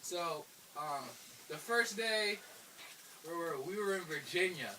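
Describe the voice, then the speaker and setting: Young guy from the Philly area, high voice, laughing storyteller; distant mic, heavy noise. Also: lively intonation, a little slow. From Philadelphia area. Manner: laughs through his own story, mimics others. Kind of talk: casual anecdote told to friends.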